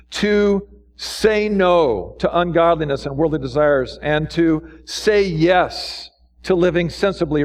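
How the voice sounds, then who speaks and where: A pastor preaching a sermon with fervor, firing off rhetorical questions and lifting his voice when he urges his listeners on. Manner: fervent preaching with many rhetorical questions, pitch swinging up when exhorting.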